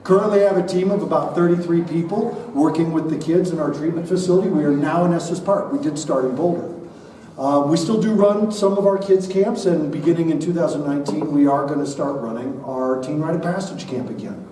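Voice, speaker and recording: A man in his forties with a high voice gives a lively keynote talk to parents, pulling the crowd into call-and-response. His voice rings around a roomy hall as if heard from some way off, over a faint murmur of room sound. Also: brisk, recorded from a distance, a little hiss or hum. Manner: energetic, leads the audience in call-and-response. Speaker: keynote speaker at a school parent night. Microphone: body-worn mic.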